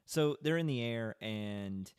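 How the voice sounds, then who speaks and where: A man's voice: mid-range voice, expressive, takes it slowly, clear, resonant tone, no room sound, clean studio sound. A man co-hosting a podcast, leading a casual movie recap and putting questions to his co-hosts. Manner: leads the discussion, quizzing co-hosts by name. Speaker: podcast co-host.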